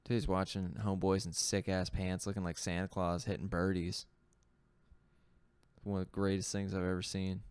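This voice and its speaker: A man co-hosting a casual podcast chat, easily excited, joking and laughing often. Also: low-pitched, moderate pace, clear, resonant tone, dry recording. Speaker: podcast co-host.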